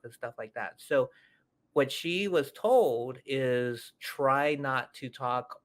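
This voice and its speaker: A man's voice: medium pitch, takes it slowly. A middle-aged man hosting a podcast, telling a story casually and acting out the voices of the people he quotes. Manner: animated, acts out quoted voices. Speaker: podcast host.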